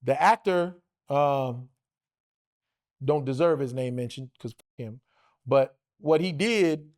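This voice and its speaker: An American man in his forties, appearing as an interview guest, tells a rowdy story full of profanity, acting out what other people said. His voice is medium in pitch and his pace is slow, though his manner stays animated in this casual storytelling.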